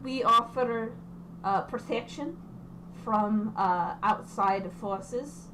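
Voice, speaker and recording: A woman voicing a male revolutionary leader in a tabletop game, speaking formally and haltingly in a put-on foreign accent, slowly. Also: sits high, background noise. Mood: persuasive.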